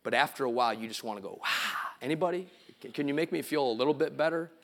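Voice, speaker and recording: A middle-aged pastor preaches a sermon in a church sanctuary, speaking very fast in a mid-range voice. He weaves in stories, acts out sounds and quotations, and works up to emphatic preaching.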